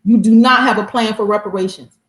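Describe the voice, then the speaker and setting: A woman hosting a heated call-in debate, pressing her guest with sharp, pointed questions. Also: medium pitch, fairly even intonation, a little fast, reverberant. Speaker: host.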